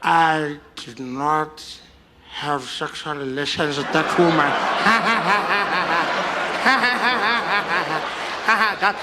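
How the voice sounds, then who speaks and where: A man's voice: fairly high pitch, fairly even intonation, slow, noisy background. A man putting on the voice of a playful, chuckling male statesman, teasing as he tells old jokes. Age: 90s.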